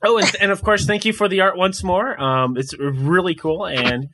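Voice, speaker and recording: A man's voice: sits high, steady tone, moderate pace, sharp tone, a little hiss or hum. A man hosting a casual podcast, laughing often and rambling with restarts. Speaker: podcast host.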